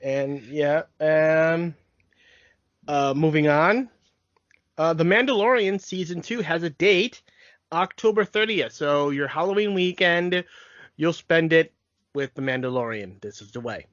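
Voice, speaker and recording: A man's voice: a little high, measured pace, fairly bright tone, no room sound. A man co-hosting a nostalgic podcast in casual chat, rambling and often restarting his sentences. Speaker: podcast co-host. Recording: dry, dull lo-fi podcast mic.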